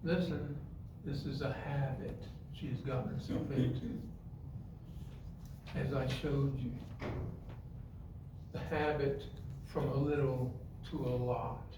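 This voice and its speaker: A male preacher giving a sermon, dropping to quiet asides and rising to loud, emphatic points as he directs the congregation. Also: medium pitch, takes it slowly, long pauses. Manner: acts out stories and gives the congregation physical directions. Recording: echoey hall, mic far off, faint room noise.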